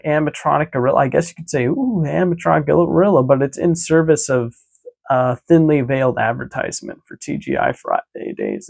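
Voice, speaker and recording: Gravelly man rambling through his day. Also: medium pitch, a little mellow. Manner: rambling, full of "like" and "uh" fillers and restarts; easygoing, chatty. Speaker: vlogger. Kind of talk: casual recap of his day.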